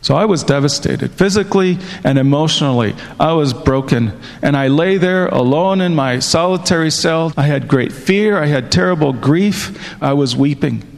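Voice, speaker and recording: A man pastor giving an emotional testimony speech, slow and emphatic. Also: a little high, gravelly. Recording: speech echoing in a large hall.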